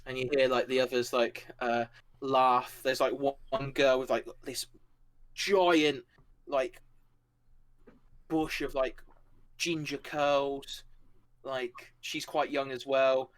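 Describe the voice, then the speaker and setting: A man's voice: mid-range voice, flat delivery, slow, pauses often. A man narrating a tabletop game as game master, rambling with many fillers and laughing along. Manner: rambling, filler-heavy, laughing, acts out characters.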